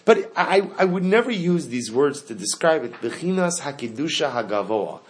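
A man's voice: a little high, big pitch swings, normal speed. A man teaching a Torah lesson to a class. He asks the students questions and repeats the key phrases.

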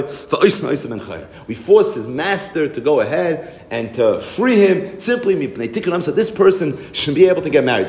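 A man's voice: mid-range voice, reverberant. A man giving a Torah class and telling a Hasidic story, mixing in Hebrew and Yiddish terms and acting out the voices in it. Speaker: Torah teacher.

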